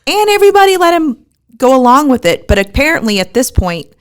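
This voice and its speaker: A woman's voice: sits high, very animated, fast. A woman co-hosting a podcast, chatting casually in a rambling way with lots of "like". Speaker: podcast co-host. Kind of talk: casual chat about a film.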